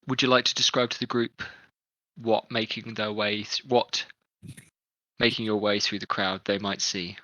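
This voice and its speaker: A man's voice: lowish voice, little pitch movement, moderate pace, sharp tone, no room sound, lo-fi sound. A man, narrating a tabletop game as game master in an easygoing, chatty way with small stumbles.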